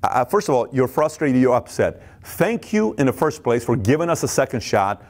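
Intense, high-energy man talking business. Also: big pitch swings, normal speed, a little mellow. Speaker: business speaker. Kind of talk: energetic motivational talk.

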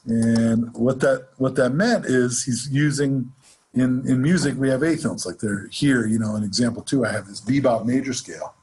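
A man teaching a jazz lesson, explaining scales in a relaxed way and counting off examples. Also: mid-range voice, normal speed, a little hiss or hum. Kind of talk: instructional lesson with playing examples.

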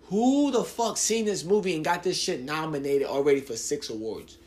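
A man in his late twenties from New Jersey hosts his own podcast, speaking at a moderate pace in a slightly high voice with a darkish tone. His casual solo rant rambles, swears and keeps restarting.

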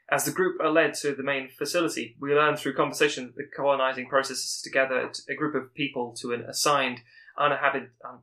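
A man hosting a podcast, briskly summarizing a story's plot with small stumbles and restarts. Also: mid-range voice, pushed and bright. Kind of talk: plot recap narration.

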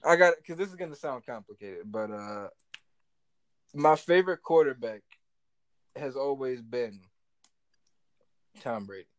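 A man's voice: mid-range voice, animated, unhurried, long pauses, no echo. A man co-hosting a casual podcast chat, talking animatedly, swearing and repeating himself as he jokes. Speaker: podcast co-host.

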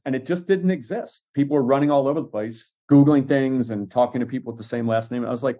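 A middle-aged man telling stories in a casual interview, quick and animated, acting out what others said. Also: mid-range voice. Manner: fast, animated storytelling with acted-out quotes. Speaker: podcast guest, entrepreneur.

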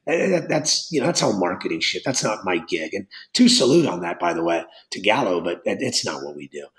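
Blunt, rambling low-voiced winemaker. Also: male voice, brisk. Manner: animated, rambling, blunt, swears casually. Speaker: winemaker and wine business owner. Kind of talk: interview conversation. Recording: roomy echo.

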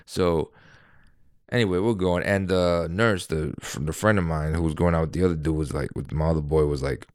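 Low-voiced man rambling through a story. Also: fairly even intonation, a little fast, darkish tone, no echo, studio quality. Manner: rambling, profane, frequent self-corrections. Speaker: podcaster. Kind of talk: casual storytelling. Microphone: podcast microphone.

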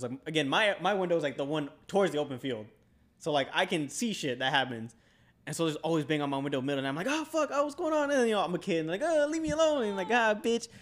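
A man's voice: mid-range voice, fairly bright tone. A young man casually telling a spooky story, laid-back and peppered with swearing and filler words.

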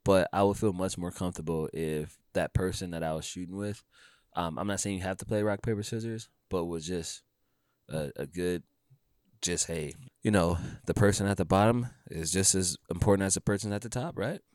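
Man, low voice, animated podcast storyteller, dry close sound. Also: normal speed, no echo. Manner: animated storyteller, acts out dialogue, says dude and bro. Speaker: photographer, podcast guest. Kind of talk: casual podcast chat.

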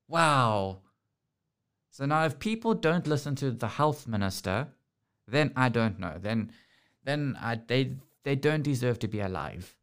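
A man's voice: mid-range voice, animated, measured pace, fairly bright tone, clean tone. A man hosting a casual podcast, ranting sarcastically and often restarting his sentences. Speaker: podcast host.

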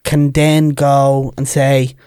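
A man's voice: mid-range voice, takes it slowly, clear, resonant tone, no room sound, studio quality. A young man with a Dublin accent, a podcast guest telling stories in casual chat and putting on voices for the people in them. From Ireland. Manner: lively, animated, puts on voices in anecdotes.

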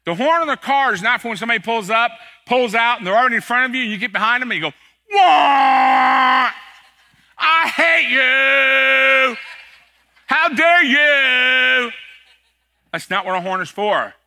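A man's voice: high voice, animated, very fast, hardly any pauses, bright, forceful tone. A middle-aged man, an executive pastor, preaching a sermon in a church in a conversational, joking and emphatic way. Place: church sanctuary.

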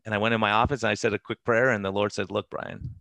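A man's voice: lowish voice, steady tone, very fast, sharp tone, no echo. A middle-aged man, a physician, telling his own story in a casual, earnest, rambling way.

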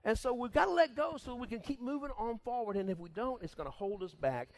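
A middle-aged man preaches in a loose, conversational sermon, his voice riding high and swinging widely in pitch. He laughs often and drops into little acted-out voices to make his point. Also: fast talker. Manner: laughs often, folksy and animated, acts out voices. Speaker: pastor. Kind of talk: casual sermon.

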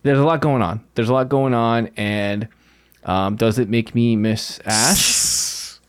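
A young man co-hosting a casual chat, playful and teasing, quick to laugh. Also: medium pitch, steady tone, clean tone, no room sound, studio quality. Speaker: podcast co-host.

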